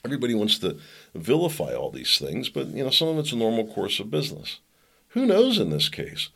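A man's voice: medium pitch, wildly swooping pitch, a little fast, vocal fry, a bit bright, husky. A man hosting his own podcast, giving casual solo commentary full of sarcastic asides and jokes. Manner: sarcastic, jokey, talks in asides. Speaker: podcast host.

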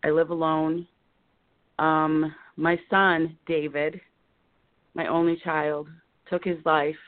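This live-show caller, a woman in her fifties, has a low, flat voice and speaks slowly, with no room sound on the tinny telephone line. Her talk comes in rambling, emotional bursts as she holds back tears.

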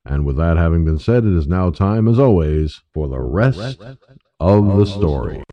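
A man's voice: low voice, animated, normal speed, warm tone, dry recording. A man from New York State hosting an internet radio show, delivering a profane, emphatic political monologue. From New York State, USA. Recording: dull lo-fi dry audio.

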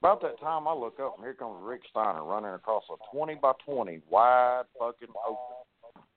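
A man's voice: mid-range voice, moderate pace. Man telling profane stories, phone-like. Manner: profane, animated storyteller acting out dialogue. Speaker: wrestler guest. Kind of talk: casual storytelling on a podcast. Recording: tinny phone-like line.

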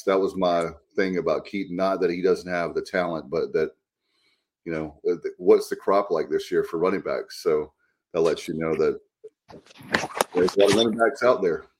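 A man's voice: low voice, fairly even intonation, moderate pace. A man hosting a casual sports chat, rambling with enthusiasm, steering the talk. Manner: enthusiastic, rambling, runs the show. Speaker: podcast host.

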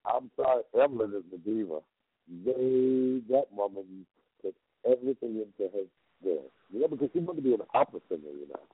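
A man on a radio show tells a rambling story in an emphatic style, repeating himself for effect. His pitch rises and falls constantly, and his voice is a little husky. The sound is thin and boxy, like a phone line. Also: animated, fairly quick, no room sound. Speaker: guest vocal coach.

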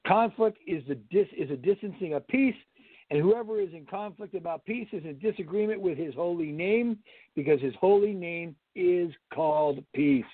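A man's voice: high voice, lively intonation, moderate pace, no echo. A man giving a Bible study lecture as instructor, emphatic, blunt and preachy. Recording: tinny phone-like, dry sound.

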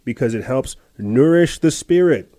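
A man's voice: medium pitch, animated, unhurried, warm tone, no room sound. A man hosting a podcast, telling a story in a rambling casual way with many restarts and laughs. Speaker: podcast host. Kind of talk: casual chat.

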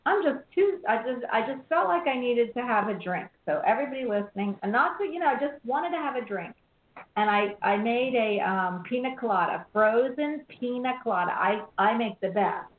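A woman's voice: fairly high pitch, expressive, brisk. A woman in her sixties hosting a call-in show, chatting in a bubbly, rambling way and laughing often. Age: 60s. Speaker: radio call-in host. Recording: echoey tinny phone-like line, faint hiss.

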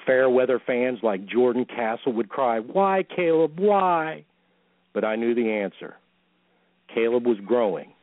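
Man, pompous, mock-solemn, mid-pitched, tinny phone line. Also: fairly even intonation, normal speed, dry recording. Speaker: podcast co-host. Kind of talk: dramatic open-letter reading.

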